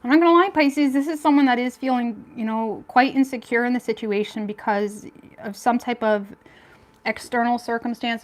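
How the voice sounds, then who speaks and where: A woman giving a casual tarot reading, frank and chatty, thinking aloud with plenty of fillers as she goes. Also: fairly high pitch. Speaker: tarot reader.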